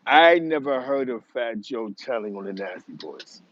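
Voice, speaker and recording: This Bronx, New York native hosts his own show, delivering a casual commentary monologue that rambles and hits hard, with many restarts. His medium-pitched voice is animated and moves at a normal speed, though the recording is muffled and carries a little hiss or hum.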